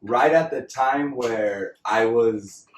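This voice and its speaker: A man's voice: mid-range voice, takes it slowly. Easygoing male host, jokey questions, distant from mic in an echoey room. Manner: laid-back, joking interviewer. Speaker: podcast host. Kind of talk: casual chat. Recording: roomy sound, voice away from mic.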